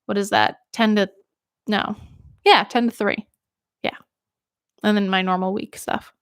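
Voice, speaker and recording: A woman's voice: medium pitch, steady tone, a little slow, clear, resonant tone, no echo, studio quality. A young woman from Maine, a radio DJ, rambling casually on a livestream while a little tipsy from drinking. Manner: chatty and rambling, laughs often.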